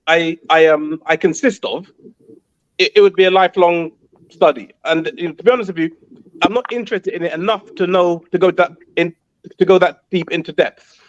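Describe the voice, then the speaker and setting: A man explains his view at a measured, slightly halting pace in a fairly high voice. The sound is dry and dull, like lo-fi call audio. His tone stays calm and steady. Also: no room sound. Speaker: panel participant. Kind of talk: casual debate.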